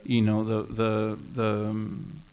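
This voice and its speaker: A man's voice: lowish voice, completely flat delivery, slow, darkish tone, clear, resonant tone. A man speaking on a panel at a round-table discussion, thoughtful and hesitant, with many fillers and restarts.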